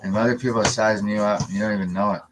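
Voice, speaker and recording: A man's voice: fairly low pitch, fairly even intonation, rapid-fire, music in the background, rough recording. A man in his thirties giving a rambling, profane, confrontational monologue on a live stream. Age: 30s.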